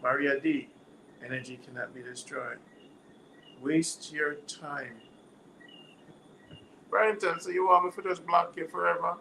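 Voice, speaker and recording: A man's voice: fairly high pitch, steady tone, a little slow, creaky, long pauses, bright, forceful tone, slight background noise, low-quality recording. A man with a Jamaican accent hosting a live stream, reading viewer comments aloud, laughing often and quizzing his viewers like a teacher. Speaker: livestream host.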